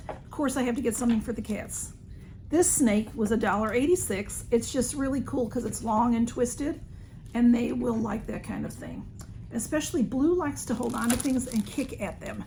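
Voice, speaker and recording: Woman vlogger, rambling chatty haul talk, slightly hoarse, higher voice, faint room hum. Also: brisk, darkish tone. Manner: chatty, rambling, talks to her cats. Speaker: vlogger reviewing a shopping haul. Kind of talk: casual haul video chat. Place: home.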